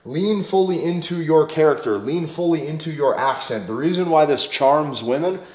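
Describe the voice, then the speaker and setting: A man's voice: fairly high pitch, lively intonation, moderate pace, a little mellow. A man with a North Dakota accent, teaching in an emphatic way, repeating key phrases and checking in with "okay?". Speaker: dating coach. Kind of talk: instructional talk to camera. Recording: echoey room.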